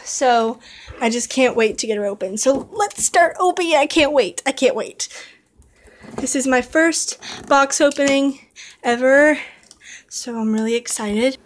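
Tired but excitable woman vlogger with a high voice; speaks slowly, gushes to viewers over a faint noise floor. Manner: gushing, excitable, talks to viewers. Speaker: vlogger unboxing a model horse. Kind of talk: casual unboxing vlog.

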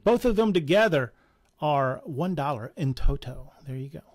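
A man's voice: fairly high pitch, animated, moderate pace, a little mellow, slight background noise. Chuckling Southern man running a sale. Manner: chatty, chuckling, jokey asides. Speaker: comic shop owner running a live sale. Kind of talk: casual live sale patter.

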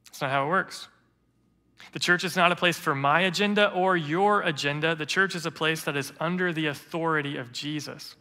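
A man's voice: on the high side, normal speed. A man serving as interim lead pastor, preaching an earnest sermon in a storytelling manner. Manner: earnest storytelling preacher, quotes others in lively voices. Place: church sanctuary. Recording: church hall reverb.

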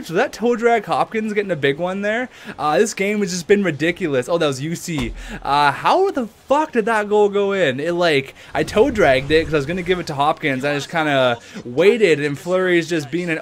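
A young man runs loud, profane commentary over a hockey video game. His voice sits a bit high, and he hypes his own plays while trash-talking the other side. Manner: hyped, swearing, trash-talking, laughing bursts. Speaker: gaming YouTuber.

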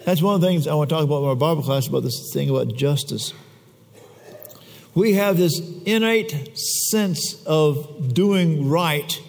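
A man's voice: fairly high pitch, vocal fry, darkish tone. A man preaching a conversational sermon, often putting questions to the congregation. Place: church. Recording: echoey church hall.

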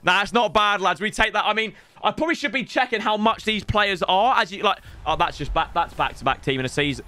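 A young man giving chatty, rambling commentary while opening game packs, bursting into shouts at good pulls. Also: high-pitched, expressive, a little fast. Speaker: gaming YouTuber. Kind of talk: excited pack-opening commentary.

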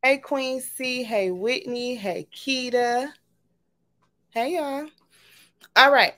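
A woman's voice: high voice, takes it slowly, fairly bright tone. Bubbly woman greeting her livestream viewers. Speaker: livestream host. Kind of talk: casual livestream chat.

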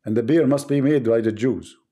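A man's voice: mid-range voice, fairly quick, dark tone. A man with an Arabic accent hosting a live debate stream, taunting and sarcastic toward his callers. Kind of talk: mocking live-stream banter.

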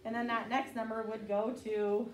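A woman's voice: on the high side, flat delivery, moderate pace. A woman teaching children a vocabulary lesson, patiently drilling each word in call-and-response and repeating it often. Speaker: elementary school teacher. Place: classroom with children. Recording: echoey room, voice from far off.

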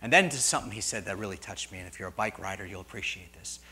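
A middle-aged man preaching a sermon as pastor, telling stories in a rambling way and swinging from soft asides to loud, rising peaks. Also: low-pitched, rapid-fire. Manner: storytelling, digressive, swings from quiet to loud; jokes with congregation.

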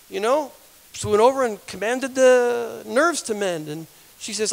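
A man with a high, gravelly voice preaches in a storytelling way. He rambles and repeats words, and gets lively as he talks. His voice carries a long reverb from a church hall. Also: normal speed. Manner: rambling, repeats words, laughs and grows animated. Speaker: guest speaker. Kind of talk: storytelling sermon.

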